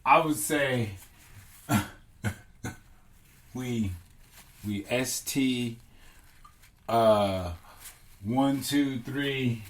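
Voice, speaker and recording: A man's voice: medium pitch, extremely slow, pauses often. A man hosting a podcast, rambling through a comic theory, often stopping to correct himself. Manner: meandering, self-correcting, profane. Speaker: podcast host. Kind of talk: rambling comedic podcast chat.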